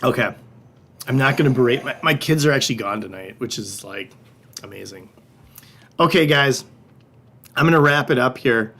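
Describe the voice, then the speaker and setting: A man's voice: medium pitch, animated, moderate pace, creaky, long pauses, fairly bright tone, breathy edge. A middle-aged man hosting a livestreamed wine tasting class. He talks in a casual, joking, loose way and swears now and then. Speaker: wine shop host.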